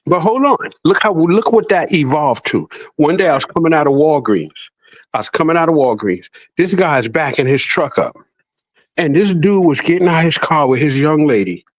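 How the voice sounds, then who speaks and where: A man's voice: on the high side, moderate pace, no echo, rough recording. A man chatting as a podcast guest, telling stories in a streetwise, profane way and acting out the people he quotes. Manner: animated storyteller, acts out quoted voices. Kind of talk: casual podcast chat.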